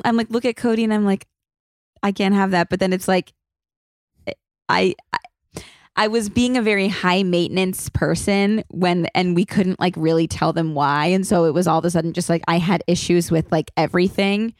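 A woman hosting a podcast in casual chat, talking fast in loose bursts full of "like" and acting out quotes. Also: mid-range voice, steady tone, no room sound, clean studio sound. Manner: chatty, many likes and restarts, acts out quotes. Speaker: podcast host.

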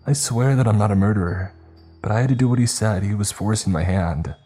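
A watery-eyed, frightened young man pleads in a pitched-up, strained voice, as a deep-voiced male narrator puts him on. He whines and apologizes. It is a horror story read aloud, with a husky, dark edge under the voice. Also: normal speed, soft background music. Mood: pleading. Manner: begging, whimpering, apologetic.

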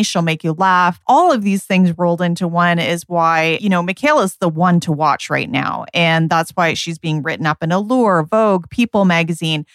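A woman's voice: lowish voice, no echo, clean studio sound. A woman co-hosting a beauty podcast, talking in an enthusiastic, gushing way about a guest and what is coming up. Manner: enthusiastic, gushing, often says "like". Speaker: podcast co-host. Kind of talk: casual podcast chat.

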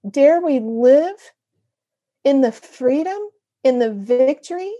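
A woman guest telling a personal story in an earnest, emotional way, halting and restarting as she goes. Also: high voice, expressive, mellow, lo-fi sound. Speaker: podcast guest.

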